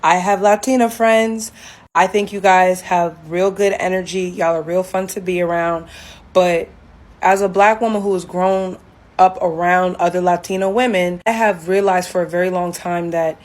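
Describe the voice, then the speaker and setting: A woman's voice: lowish voice, fairly even intonation, normal speed, darkish tone. A woman speaking straight to camera with a direct, lecturing opinion.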